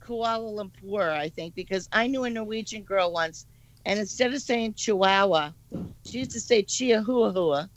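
A woman's voice: mid-range voice, normal speed, low-quality recording. A woman on a discussion panel, chatty and rambling. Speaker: panel guest.

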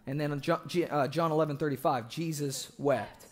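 A young man preaching an evangelistic sermon in a church, joking with the congregation and breaking into shouts for emphasis. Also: on the high side, fast talker. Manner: animated, joking, bursts into shouting.

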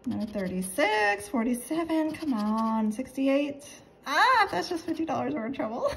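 A woman calling out numbers as she scratches lottery tickets, excitable and quick to laugh. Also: fairly high pitch, a little hiss or hum. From North Carolina. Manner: reads numbers aloud, excitable, laughs often. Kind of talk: casual commentary while scratching tickets.

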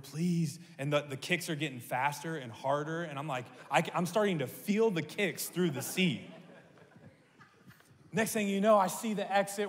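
Storytelling pastor in an echoey hall. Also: male voice, a little high. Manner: animated, humorous storytelling. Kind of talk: sermon. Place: church sanctuary.

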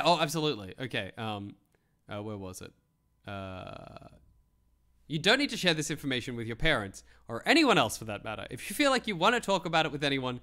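A man's voice: a little high, bright, forceful tone. A man hosting a live stream, giving comedic commentary with mock outrage, laughter and casual swearing. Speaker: livestream host.

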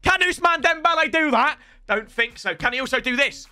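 High-pitched excitable gamer. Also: male voice, a little fast, no room sound. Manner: excitable, swearing, yelling at the game. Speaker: gaming YouTuber. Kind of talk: let's-play gaming commentary.

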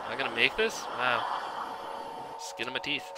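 A man giving blind let's play commentary, exasperated, swearing often and yelling at the game. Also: mid-range voice, expressive, normal speed, very noisy.

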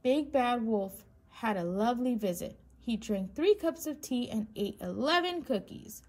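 Preschool teacher lady reading a picture book, slow and kinda breathy, slightly high. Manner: slow and expressive. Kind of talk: children's storybook read-aloud.

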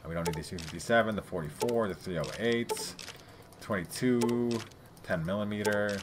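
A man's voice: lowish voice, normal speed, background noise. A man giving casual, rambling gameplay commentary, swearing freely and chatting to his viewers. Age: adult parent. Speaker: let's play gamer.

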